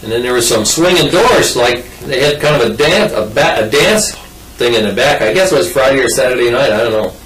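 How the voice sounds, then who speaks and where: A man's voice: medium pitch, lively intonation, fairly quick, a bit bright, recorded from a distance, slight background noise. An older man telling a rambling, folksy personal story in casual oral-history style, full of restarts and asides. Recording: roomy sound from off mic.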